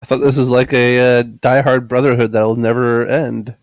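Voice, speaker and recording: A man's voice: mid-range voice, level tone, normal speed, no echo, poor audio. A man playing a tabletop game, cracking jokes in a playful way. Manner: joking, playful. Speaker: player. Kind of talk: casual tabletop role-play.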